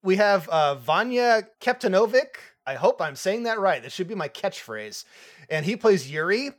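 Young guy gushing about a movie, slightly high voice, laughs a lot. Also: normal speed. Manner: excitable, laughs often, swears casually. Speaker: podcast co-host. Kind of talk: casual movie review chat.

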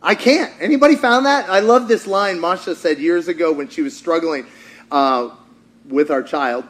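A male pastor preaching a sermon in a church, animated, swinging from shouts down to hushed lines. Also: a little high, normal speed.

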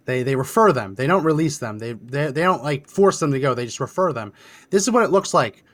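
A man hosting a political podcast, presenting clips with a brisk, sardonic delivery. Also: medium pitch, expressive. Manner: brisk, sardonic, directing the producer. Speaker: podcast host.

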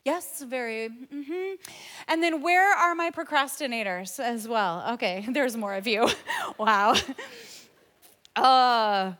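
Bright, high-pitched woman preaching a sermon. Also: slow pace. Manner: animated, laughing often, acts out quotes. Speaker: pastor. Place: church auditorium.

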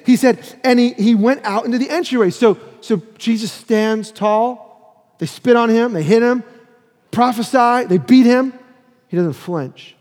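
High-voiced preaching man in a reverberant hall. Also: normal speed. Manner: animated preaching, acts out quoted lines. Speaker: pastor. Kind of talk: sermon.

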